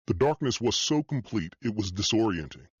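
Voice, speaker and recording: A man narrating an audiobook in the first person, steady and measured. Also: fairly low pitch, breathy edge, no room sound, lo-fi sound.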